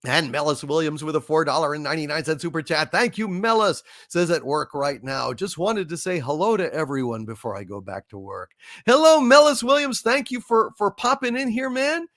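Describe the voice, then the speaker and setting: A man runs a casual livestream, reading out viewer messages and teasing the senders with corny jokes. His voice sits a little high and swings widely in pitch, with a bright, forceful edge. The sound is dry and close, with almost no room echo. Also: a little fast. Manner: animated, jokey, shouting greetings with big pitch jumps. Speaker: livestream host. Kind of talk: casual livestream chat reading super chats.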